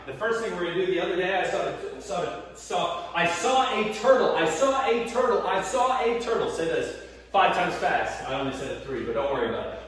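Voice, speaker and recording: A man teaching as a PE teacher, hyping workout reps with whoops and counting, sweaty and winded during the exercises. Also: sits high. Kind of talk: energetic home workout instruction. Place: hot home garage. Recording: echoey garage from far off.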